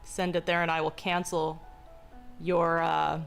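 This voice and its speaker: A young woman streaming, speaking in a slow, deliberately calm, mock-soothing way with a touch of vocal fry, joking with chat. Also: on the low side. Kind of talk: casual live-stream chat. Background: faint background music.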